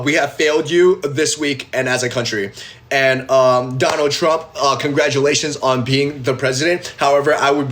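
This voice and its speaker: A man's voice: medium pitch, fairly bright tone, a little hiss or hum. A young man, an independent artist, chatting casually on a phone live stream, rambling with lots of fillers and acting out both sides of his stories. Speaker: independent artist livestreaming to fans. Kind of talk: casual livestream chat.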